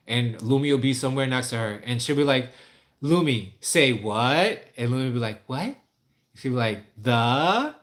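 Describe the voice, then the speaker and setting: A man on a casual livestream answering viewer questions, rambling, candid and profane. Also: mid-range voice.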